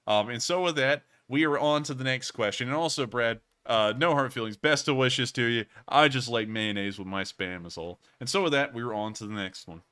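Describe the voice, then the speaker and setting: A man's voice: medium pitch, fairly quick, hardly any pauses, bright, forceful tone, smooth. A man hosting a casual livestream Q&A, rambling and repeating stock phrases as he answers viewers. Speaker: host. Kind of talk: livestream commentary and Q&A.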